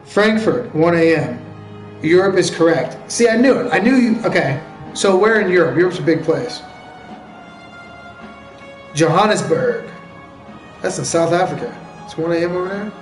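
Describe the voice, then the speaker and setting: An American man chatting casually with viewers during a live game stream, joking and answering their questions out loud. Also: a little high, lively intonation, normal speed, long pauses. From United States. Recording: roomy echo with faint background music.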